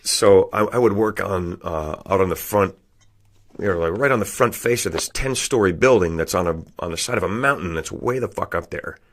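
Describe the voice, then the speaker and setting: A man's voice: sits low, moderate pace. A man telling a profane work story in casual podcast chat, laughing often as he goes.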